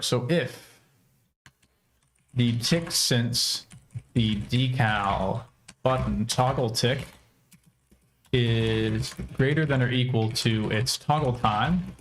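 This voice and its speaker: A man's voice: mid-range voice, slight background noise. A young American man casually thinking aloud while programming on a livestream, with many fillers. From United States. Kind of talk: casual live coding commentary.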